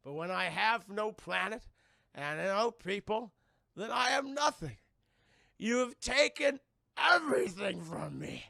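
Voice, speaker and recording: A man voicing a raging, vengeful male alien general in a shouted mock-dramatic rant. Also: high-pitched, animated, measured pace, gravelly, no room sound, studio quality, voice pushed up, heavily acted. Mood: enraged.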